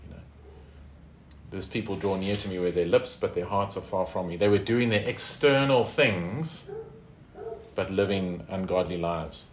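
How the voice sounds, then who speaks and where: A man's voice: low-pitched, normal speed, roomy sound, slight background noise. A man teaching a Bible study in a conversational way, with fillers and tag questions.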